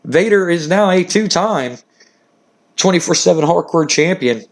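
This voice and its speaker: A man's voice: high-pitched, animated, measured pace. A man casually recapping a wrestling management game playthrough, rambling with many fillers and restarts. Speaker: gaming video host.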